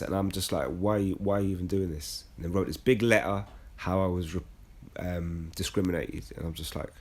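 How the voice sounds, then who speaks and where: A man with a lowish, husky voice speaks in a blunt, heated way and swears often. He tells a personal story and moves into scripture reading as a religious speaker. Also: a little mellow.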